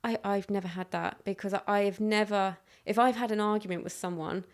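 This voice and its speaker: A woman's voice: medium pitch, fairly even intonation. A woman hosting her own podcast, talking frankly and casually on her own, often acting out little exchanges. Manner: frank, chatty, with quick restarts and acted-out quotes. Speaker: podcast host. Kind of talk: casual solo podcast monologue.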